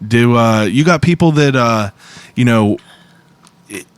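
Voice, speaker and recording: A man's voice: mid-range voice, unhurried, smooth, no echo. A young man hosting a podcast, asking loose, rambling questions full of filler words in casual chat. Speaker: podcast host.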